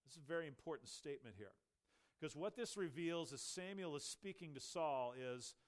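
A man preaching a Bible sermon, retelling the story with animated storytelling and acting out the characters' lines. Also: fairly high pitch, moderate pace.

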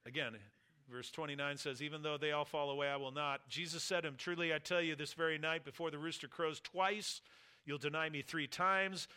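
Bright-voiced man preaching a sermon. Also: on the high side, fairly even intonation, brisk, clean tone. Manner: reads scripture aloud and acts out the speakers' words. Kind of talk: expository sermon.

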